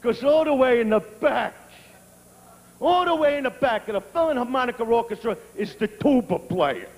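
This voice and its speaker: A man doing a profane live stand-up routine, brash and crude, breaking into shouts. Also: very high-pitched, expressive, moderate pace. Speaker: stand-up comedian. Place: stage before a live audience. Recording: reverberant live venue with crowd.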